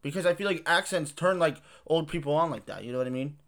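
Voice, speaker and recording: Young man, casual podcast chat, rambling, lots of swearing, slightly high voice. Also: fast. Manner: rambling, heavy swearing, animated storytelling. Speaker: podcast co-host.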